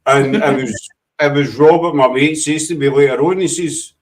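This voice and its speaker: Scottish man, storyteller, swears freely, slightly high, sits off mic. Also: moderate pace, distant mic, poor audio. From Scotland. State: half deaf. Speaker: paranormal team member guest. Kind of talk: casual chat.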